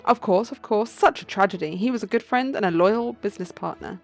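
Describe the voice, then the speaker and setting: A woman's voice: mid-range voice, fairly quick, faint music behind, close to an everyday voice. Woman reading a gracious formal baron. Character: courteous male baron, host of a manor. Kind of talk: game playthrough read-aloud.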